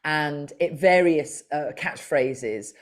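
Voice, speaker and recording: A woman guest in a casual podcast interview, chatty and playful, pausing now and then to think. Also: low-pitched, animated. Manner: playful and chatty, with thoughtful pauses. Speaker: podcast guest, author and broadcaster.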